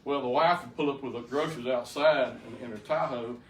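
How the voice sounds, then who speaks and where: A man's voice: mid-range voice, a little fast. Brief: older man, folksy testimony, stammering restarts, echoey room with faint noise behind. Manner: plainspoken storyteller with frequent stammered restarts. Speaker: speaker giving a personal testimony. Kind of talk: folksy personal testimony to a group. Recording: roomy, distant mic, faint background noise.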